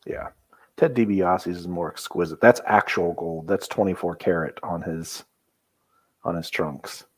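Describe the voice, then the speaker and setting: A man's voice: low-pitched, fairly even intonation, measured pace, no room sound. A man from the Midwest co-hosting a wrestling podcast, easygoing and full of questions. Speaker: podcast co-host. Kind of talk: casual wrestling chat.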